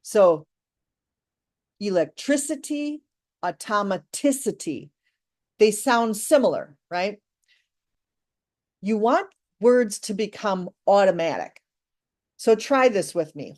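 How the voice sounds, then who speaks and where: Woman English teacher, live online class, unhurried and encouraging. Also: mid-range voice, lively intonation, darkish tone. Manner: slow, deliberate, encouraging delivery.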